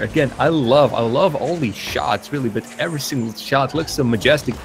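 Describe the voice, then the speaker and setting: A man giving live esports commentary, chatty and quick to laugh, getting excited on big plays. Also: medium pitch, gravelly, slight background noise. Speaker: esports caster.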